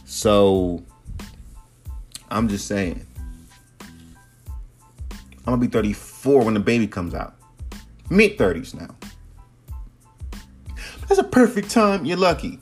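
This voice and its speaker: A man in his thirties, a podcast host, ranting in a casual monologue that is profane, heated and animated. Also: fairly low pitch, takes it slowly, long pauses, husky, faint music behind. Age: 30s.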